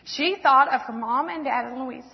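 Reading a children's story aloud to her church congregation, a woman in her thirties sounds gentle and expressive, her high voice a bit creaky at normal speed. Captured on a handheld or stand mic, the audio is muffled with a long reverb through the hall.

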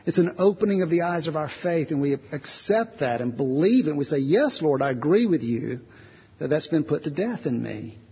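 Husky male preacher in reverberant hall. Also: a little high, lively intonation, normal speed. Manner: earnest, repetitive preaching cadence with acted prayers. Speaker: pastor. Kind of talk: sermon. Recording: husky voice, long hall reverb, dull lo-fi sound.

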